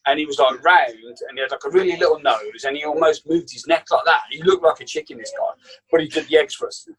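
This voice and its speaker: A man with a Birmingham accent, a chef guest telling animated anecdotes in a casual interview. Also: fairly high pitch, fast, slightly rough, low-quality recording. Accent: Birmingham English. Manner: animated anecdote teller, acts out quotes. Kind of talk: casual storytelling.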